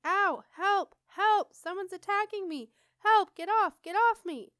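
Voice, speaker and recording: A woman voicing a hysterical magic door lock with a piercingly high, metallic shriek. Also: a little slow, a bit bright, no echo, studio quality. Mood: panicked.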